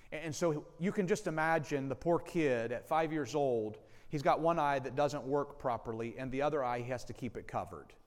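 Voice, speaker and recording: A man preaching a sermon as pastor, speaking earnestly and directly to his congregation. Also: mid-range voice. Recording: long hall reverb.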